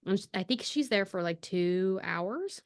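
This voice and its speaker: A woman's voice: medium pitch, expressive, unhurried. A woman co-hosting a podcast, animatedly retelling a story with frequent laughs and fillers. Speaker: podcast co-host. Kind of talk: casual chat retelling a story.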